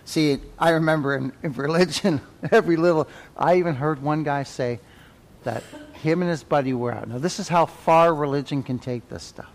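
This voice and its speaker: Teaching a Sunday school Bible class, this man talks in a folksy, conversational way at a normal speed, repeating his points and often asking "right?" His voice is a little high for a man, and long reverb from the church hall trails every phrase.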